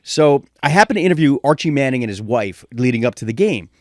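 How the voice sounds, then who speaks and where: A middle-aged man tells stories on a podcast, and his pitch rises and falls a lot. He acts out other people's lines in high voices. The room sounds dry and close. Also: quick pace, no room sound. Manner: animated storyteller, acts out quotes in high voices. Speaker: guest, MMA media veteran. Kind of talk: casual storytelling podcast chat.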